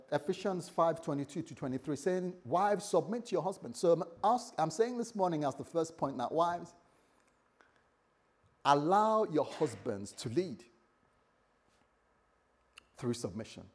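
A man's voice: on the high side, unhurried, pauses often. A man preaching a sermon to his congregation, talking animatedly and checking in with the listeners as he goes. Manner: animated preaching with acted quotes and asides to the congregation. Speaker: pastor.

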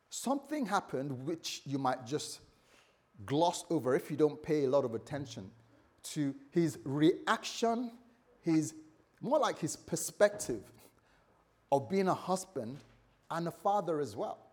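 A man's voice: very animated, unhurried, pauses often, a little mellow. A man preaching a morning sermon in a conversational way, joking with the congregation and acting out the story's dialogue. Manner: conversational, playful asides to the congregation; acts out dialogue with shifting pitch and volume.

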